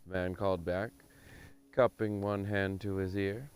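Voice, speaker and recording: Smooth, low-voiced man reading aloud. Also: fairly even intonation, normal speed, a little mellow, faint music behind. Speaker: livestream book reader. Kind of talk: reading a novel aloud on a livestream.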